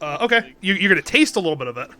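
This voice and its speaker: A man's voice: sits high, big pitch swings, rapid-fire, bright, forceful tone. A man narrating as game master in a tabletop game, casual and laughing, with many restarts. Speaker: dungeon master.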